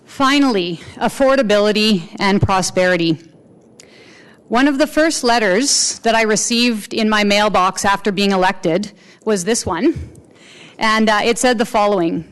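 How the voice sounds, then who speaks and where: A woman delivering a formal civic speech in an earnest, measured way. Her voice is smooth and clear, and her pitch sits in a middle range. She pauses between phrases like someone speaking from a podium. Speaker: mayor giving an inaugural address.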